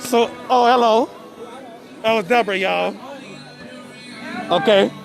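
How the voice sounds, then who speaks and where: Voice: medium pitch, takes it slowly, creaky. A host streaming live from an outdoor family party, stammering and repeating words as they chat. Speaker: host of an online show. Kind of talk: casual live-stream commentary. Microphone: phone. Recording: outdoor party noise on a phone. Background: music and a chattering crowd.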